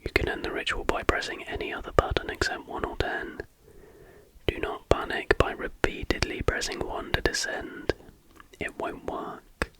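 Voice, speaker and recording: A man, an ASMR host, whispering an urban legend slowly and deliberately, like step-by-step instructions. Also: pushed and bright.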